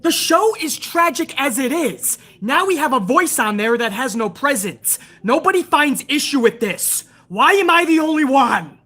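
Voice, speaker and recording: A woman's voice: high voice, expressive, moderate pace, hardly any pauses, bright, forceful tone. A woman hosting a show, ranting hard with profanity about wrestling and answering viewers in a live chat. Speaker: show host.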